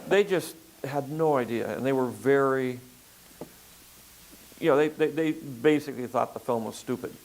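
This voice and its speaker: An older man filmmaker in a relaxed interview conversation, talking in a rambling way with frequent fillers and restarts. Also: medium pitch, normal speed, creaky, poor audio. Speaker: filmmaker guest.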